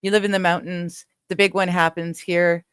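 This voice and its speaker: A woman's voice: on the low side, level tone, moderate pace, fairly bright tone, clear, resonant tone, no room sound, clean studio sound. A woman from western Canada hosts a livestream, chatting casually and answering viewers, rambling easily and laughing often. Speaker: livestream host reading chat. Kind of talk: casual chat.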